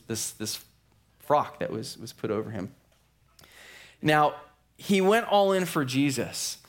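Animated male pastor telling a story. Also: mid-range voice. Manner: animated storyteller acting out quotes. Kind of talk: sermon storytelling.

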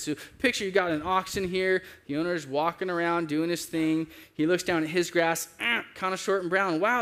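A man in his thirties delivers a sermon in a voice pitched a little higher than most men's. He speaks earnestly and changes his pace, drawing out the phrases he wants his listeners to hold on to. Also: fairly bright tone. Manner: earnest, varies pace, slows for emphasis. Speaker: pastor.

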